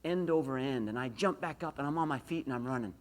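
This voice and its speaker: Energetic man telling a story on stage. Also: medium pitch, fast talker. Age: 40s. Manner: animated storytelling, rising to loud emphatic peaks. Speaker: motivational speaker. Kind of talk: lecture to an audience. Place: university lecture hall.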